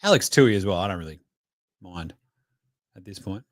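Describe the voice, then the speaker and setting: An Australian man in his thirties reacting live as a host, profane and excitable, cheering and chanting at the screen between chatty stories. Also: low-pitched, moderate pace, no echo, clean studio sound. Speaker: podcast host.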